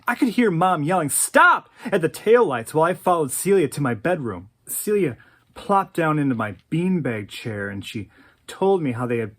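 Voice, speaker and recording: A woman in her forties tells a personal memory in an animated, dramatic way, stammering as she restarts her sentences. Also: low-pitched. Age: 40s. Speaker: oral history interviewee. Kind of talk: personal storytelling.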